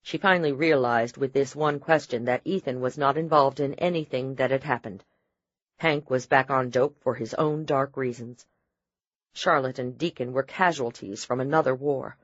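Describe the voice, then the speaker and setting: A man reading a thriller audiobook in measured, even scripted narration. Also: medium pitch, no echo, highs cut off.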